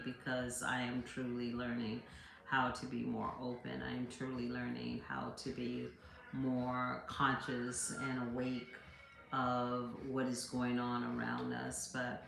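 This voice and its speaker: A woman with a strikingly deep voice speaks slowly and earnestly, reading tarot and sharing a heartfelt story with her viewers. She hesitates often and restarts her sentences. The sound rings in an echoey room. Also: creaky, a little hiss or hum. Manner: hesitant, many fillers and restarts. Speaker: tarot card reader.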